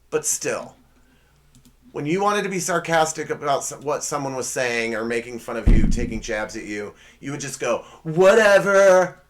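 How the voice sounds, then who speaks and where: A man hosting a comedy podcast, talking through a casual monologue with sarcastic, rambling asides and quick self-corrections. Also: medium pitch, fairly bright tone. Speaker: podcast host.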